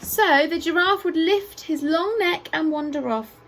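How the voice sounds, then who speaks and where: A woman teacher reading a picture book aloud to children at a school assembly, with expressive storytelling and playful asides. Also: very high-pitched, unhurried, poor audio.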